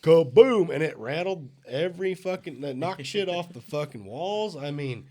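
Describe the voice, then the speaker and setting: A man's voice: fairly high pitch, lively intonation, moderate pace, darkish tone. A man in casual podcast chat, recalling memories emphatically, swearing and laughing.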